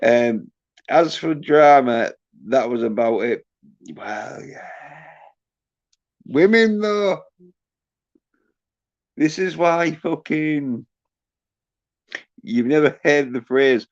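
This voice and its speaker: A man's voice: on the high side, animated, drawn-out words, long pauses, dry recording. A man hosting a livestream, ranting crudely and mockingly while reading out the chat. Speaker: livestream host. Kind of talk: casual livestream rant. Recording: dull lo-fi stream audio.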